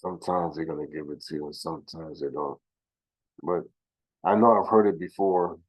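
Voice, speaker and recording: A man giving informal religious teaching who sounds out names slowly, corrects himself, and asks rhetorical questions. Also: rumbling low, slightly rough, rough recording. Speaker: teacher of scripture.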